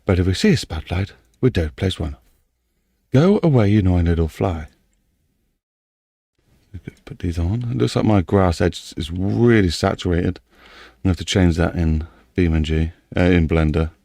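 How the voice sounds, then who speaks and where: A man with a deep, gravelly voice, slightly out of breath. He talks to himself casually while working through a game map, muttering and wondering aloud. His tone is dark and mellow. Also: normal speed, hardly any pauses, dry recording, clean studio sound.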